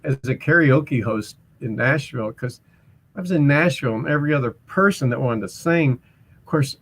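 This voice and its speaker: A man in his sixties spins yarns in a relaxed conversation, slipping into other people's voices. His voice sits at an everyday middle pitch, and he talks like a seasoned musician swapping stories. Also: moderate pace. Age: 60s. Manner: animated storyteller who acts out other people's voices. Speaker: guest, musician and karaoke host. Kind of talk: casual storytelling interview.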